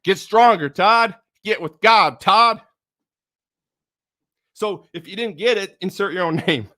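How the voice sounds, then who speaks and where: A middle-aged man giving a motivational talk, energetic and repetitive, chanting pep-talk lines at himself. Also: high voice, a little slow. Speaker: motivational speaker.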